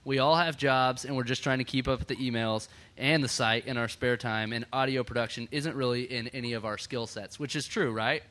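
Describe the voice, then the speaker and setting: A young man from Texas with a Texan accent, hosting a casual podcast chat, chatty and quick to laugh. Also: medium pitch, steady tone, fairly bright tone. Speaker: podcast host.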